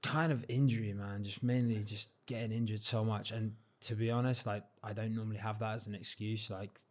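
A young man from Cornwall with a southern English accent, telling stories as a podcast guest in a relaxed, modest way with plenty of fillers. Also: on the low side, fairly quick. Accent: southern English, not Cornish. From Cornwall, England. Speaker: podcast guest, football freestyler. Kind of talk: casual chat.

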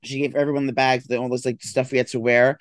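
A man in casual chat, groggy and slow after a late night out, rambling with lots of fillers and bursts of mock toughness. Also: mid-range voice, little pitch movement, dry recording, clean studio sound.

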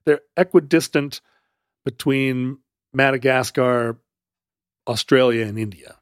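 A man in a casual chat, telling a story in a halting way with fillers and restarts. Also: medium pitch, clean tone, dry recording, clean studio sound.

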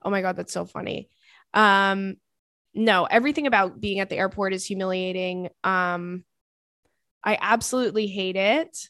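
A woman's voice: mid-range voice, steady tone, moderate pace, a bit bright, no echo, clean studio sound. A woman in her thirties hosting a podcast, chatting casually and reading listener emails, with rambling asides and plenty of swearing. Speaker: podcast host.

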